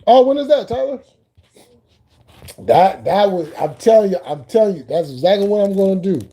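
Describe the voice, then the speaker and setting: Laughing almost constantly, a man jokes with his chat during a relaxed live stream, his speech loose, profane and packed with repeated phrases. His mellow, darker voice sits high and sounds animated, moving at a normal speed.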